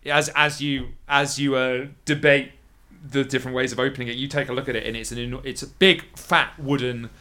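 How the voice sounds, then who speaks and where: A man runs the tabletop session as game master. His voice is bright and forward, and he narrates in halting bursts, restarting sentences as he builds the scene. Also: medium pitch, fairly even intonation.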